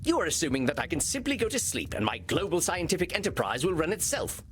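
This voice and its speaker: An actor playing a pompous, melodramatic vampire doctor centuries old in a video game, with a theatrical, haughty delivery. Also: male voice, a little high, wildly swooping pitch, fast, a bit bright, slight background noise. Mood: weary.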